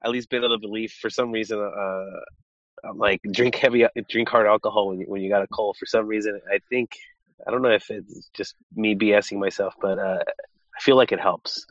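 A man with a low, stuffy voice from a cold chats loosely on a podcast, a little nasal and often restarting his sentences. He sounds relaxed and jokey. The sound is dry and dull, like a lo-fi home recording. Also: moderate pace, no echo. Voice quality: slightly nasal. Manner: relaxed, joking, many restarts. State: recovering from a cold, congested. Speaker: podcast co-host. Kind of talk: casual chat.

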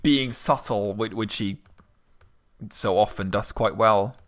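Male co-host, hesitant starts, steady reasoning, casual talk. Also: on the low side, slow. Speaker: podcast co-host discussing poetry. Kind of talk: casual literary discussion.

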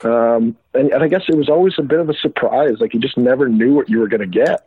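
A man, a former pro hockey player, speaking as a guest and reflecting slowly with many restarts. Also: medium pitch, no echo. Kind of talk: casual interview chat. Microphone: phone call. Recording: dry, husky phone line.

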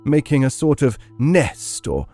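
A man narrating a dark story in a measured, dramatic storytelling manner. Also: medium pitch, very animated, faint music behind.

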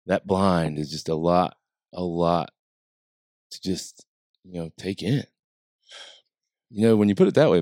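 A middle-aged man co-hosting a podcast, chatting casually and animatedly, often laughing and slipping into a slow, soothing impression. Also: sits low, darkish tone, dry recording, studio quality. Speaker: podcast co-host. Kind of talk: casual comedic chat.

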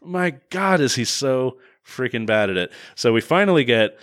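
A man's voice: medium pitch, expressive, moderate pace, a bit bright. A man co-hosting a casual movie review chat, sardonic and acting out the characters he quotes. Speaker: podcast co-host reviewing a film.

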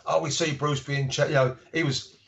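In a casual interview, a male author tells anecdotes as an animated storyteller, performing the voices of the people he quotes. His voice is a little high with vocal fry at a normal speed, and the audio is dull and lo-fi.

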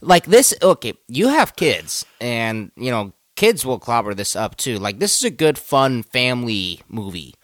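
A man co-hosting a casual film review podcast, animated and swearing freely as he chats and reads tweets aloud. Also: mid-range voice, unhurried, few pauses, no room sound, clean studio sound. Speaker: podcast co-host.

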